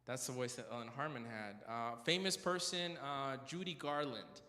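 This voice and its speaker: Brief: male church speaker, casual storyteller with asides, mid-pitched, long hall echo. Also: moderate pace, pushed and bright. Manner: chatty, jokes and corrects himself as he goes. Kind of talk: storytelling talk at a prayer meeting.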